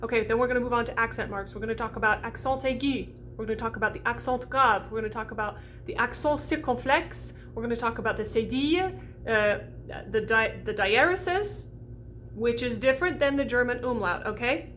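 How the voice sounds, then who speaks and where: A woman voice coach teaching French diction for singers, bubbly and animated, sounding out vowels as she goes. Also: fairly high pitch, a little fast, slight background noise. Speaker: classical voice coach.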